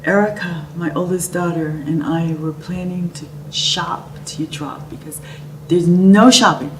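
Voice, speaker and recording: A woman's voice: on the low side, unhurried. A middle-aged woman telling a personal story vividly, acting out what people said. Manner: vivid storyteller who acts out the quotes. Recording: roomy, distant and noisy.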